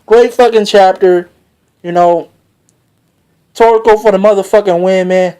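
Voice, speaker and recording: An excitable reviewer talks through a manga chapter in a loose, rambling way, full of slang and swearing. The sentences restart and trail off as the thoughts race ahead. The voice sits at an ordinary middle pitch. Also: unhurried, smooth. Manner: excitable, slangy and heavily profane; rambling with many fillers and restarts. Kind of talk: casual recap of a manga chapter.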